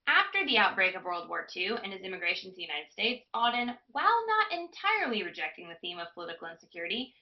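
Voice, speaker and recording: A woman's voice: fairly high pitch, muffled recording. A woman tutor reading a passage aloud in a live online class and stopping to put questions to her students. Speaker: test prep tutor.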